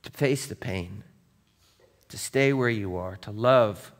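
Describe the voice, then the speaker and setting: A man pastor delivering a conversational sermon, dropping to a hush and then rising to emphatic points while asking his listeners direct questions. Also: fairly low pitch, slow, big-room sound. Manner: conversational, swings between hushed and emphatic; asks the congregation direct questions.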